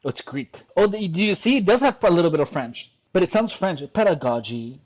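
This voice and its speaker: Laughing man reading aloud, fairly high voice. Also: lively intonation, quick pace. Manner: laughs often, reads aloud and stumbles on words. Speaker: commentary vlogger. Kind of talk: casual reaction commentary. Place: home desk at a computer.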